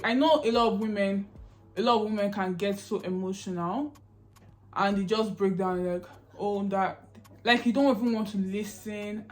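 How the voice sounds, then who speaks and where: A young woman talking casually to camera in an advice vlog, chatty and emphatic, often repeating herself. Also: medium pitch. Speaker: YouTube vlogger.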